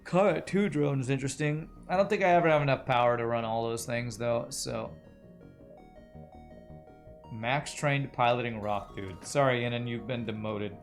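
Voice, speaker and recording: A man's voice: mid-range voice, steady tone, normal speed, soft background music. A man streaming a video game, musing aloud and chatting with his viewers. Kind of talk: casual gameplay commentary.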